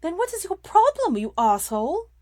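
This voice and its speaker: Woman putting on a snappy sarcastic young woman, higher voice, jumps around a lot, dry close sound. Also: very animated, normal speed, no room sound. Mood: furious. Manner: sarcastic, snapping, turns to shouting. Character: sharp-tongued clever young woman, sarcastic and quick-tempered. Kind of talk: fan fiction reading.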